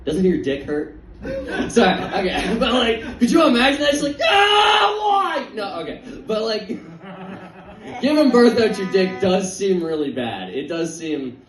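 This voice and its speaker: A man's voice: high-pitched, animated, measured pace, noisy background. A young man doing a stand-up set in a comedy club, rambling and stammering in a self-deprecating way. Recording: echoey club, distant mic.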